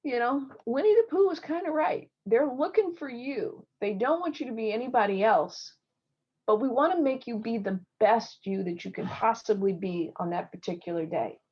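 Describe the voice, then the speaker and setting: Lively middle-aged woman surgeon giving advice. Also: on the high side, moderate pace, husky. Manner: lively storytelling with acted quotes. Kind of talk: online talk. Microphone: video call. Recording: dull lo-fi video call audio.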